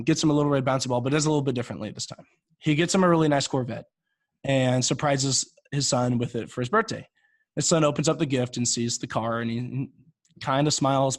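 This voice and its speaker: A man's voice: mid-range voice, no room sound. A young man in his twenties, a podcast co-host, telling a long shaggy-dog joke in a rambling way, with many restarts. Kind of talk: casual podcast storytelling.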